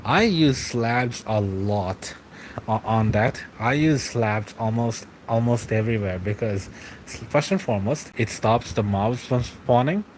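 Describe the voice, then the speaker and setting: A man in his thirties chatting casually on a late-night stream, rambling and halting, laughing often between thoughts. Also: mid-range voice, slight background noise, poor audio. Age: 30s.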